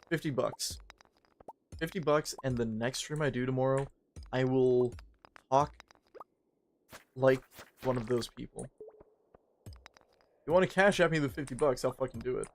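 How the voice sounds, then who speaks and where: A man's voice: medium pitch, normal speed, vocal fry, long pauses, faint music behind. A man chatting casually on a livestream, swearing a lot and rambling in a joking way. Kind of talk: casual stream chat.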